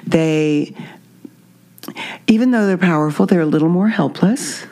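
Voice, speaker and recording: An older American woman hosting a casual chat, animated and quick to laugh, slipping into put-on voices. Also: lowish voice, a little hiss or hum.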